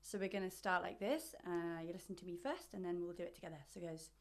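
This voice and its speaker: A woman leading a choir's vocal warm-up over a video call, explaining with playful images and chatty asides. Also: lowish voice, fast. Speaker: vocal coach.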